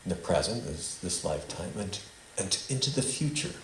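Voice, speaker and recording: A man's voice: low voice, sing-song, normal speed, fairly bright tone. A man teaching a small group at a spiritual center in a meandering way, leading them in a repeat-after-me statement. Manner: meandering, leads call-and-response recitation. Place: meeting hall of a spiritual center. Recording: echoey hall with faint noise.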